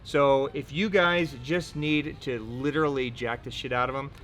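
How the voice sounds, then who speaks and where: A man's voice: medium pitch, fairly even intonation, moderate pace, fairly bright tone. Joking, upbeat man hosting a product rundown. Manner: upbeat, joking, casual swearing. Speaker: host. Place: indoor room.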